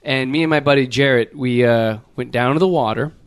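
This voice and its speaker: A man's voice: fairly quick, smooth. A man telling a travel story in casual podcast chat, acting out the quotes with big jumps in his voice. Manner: animated, plays out quotes with big pitch jumps. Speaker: podcast regular.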